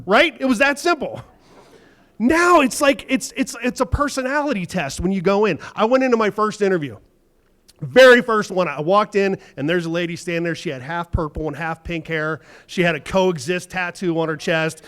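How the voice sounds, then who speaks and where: High-voiced man doing stand-up. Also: moderate pace, fairly bright tone. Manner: conversational storytelling, acts out quoted dialogue, swears. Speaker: stand-up comedian. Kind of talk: stand-up comedy set. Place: comedy club stage.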